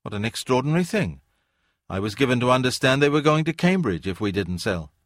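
A man's voice: medium pitch, sing-song, fairly quick, no room sound, voice pushed up. A polite, unsure young scholar feeling his way through a conversation, as a male narrator reads him. The sound is dry and close-miked, in an audiobook reading. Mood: tentative. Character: young male academic, tentative and eager.

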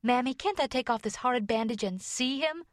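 A woman voicing a lively, eager young girl in a storybook reading, speaking in bright exclamations. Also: mid-range voice, normal speed, no room sound, clean studio sound, natural voice. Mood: excited.

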